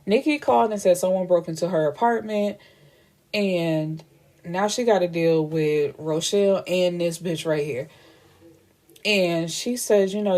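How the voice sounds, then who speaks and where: Speaking a little slowly in a low, slightly mellow voice, a woman who reviews books recounts a story's plot. Her chatty retelling is blunt and full of swearing, and she voices the quoted dialogue herself.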